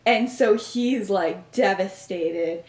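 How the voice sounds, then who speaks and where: A woman's voice: medium pitch, slow pace, a little mellow. A young woman co-hosting a podcast, casually retelling a story in a chatty way with lots of "like" and frequent laughter. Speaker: podcast co-host. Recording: roomy echoey room.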